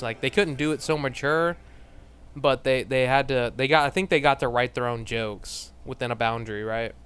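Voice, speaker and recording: A man's voice: medium pitch, fairly bright tone, smooth. A man ranting in a casual, rambling way, blunt and full of swearing, laughing often and trailing off into mumbled asides. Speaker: vlogger.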